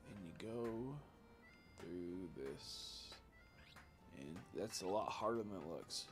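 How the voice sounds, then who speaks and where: A man's voice: on the low side, measured pace, darkish tone. A young man streaming a game, tired and swearing as he chats to viewers. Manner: tired, swearing, talks to chat. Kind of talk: casual gaming commentary. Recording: game music behind.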